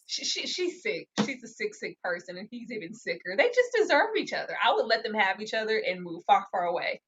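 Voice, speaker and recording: A woman co-hosting a casual TV recap, talking in an animated, dramatic way and acting out characters' lines. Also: mid-range voice, brisk, noisy background. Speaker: show co-host. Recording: dull lo-fi audio.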